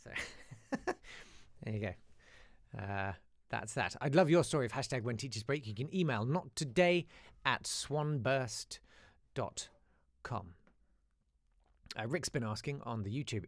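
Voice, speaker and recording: Animated man chatting on his show. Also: mid-range voice, a little slow, pauses often, no room sound, studio quality. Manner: chatty and animated, with many restarts and asides. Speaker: host. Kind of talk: casual chat reading listener emails.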